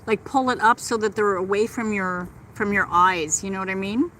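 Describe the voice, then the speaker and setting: This is a middle-aged woman talking into a handheld phone as she walks in a park, gushing and chatting while answering her livestream audience. The audio is poor, carrying a little hiss or hum, and her voice is medium in pitch, moderately paced and a touch bright.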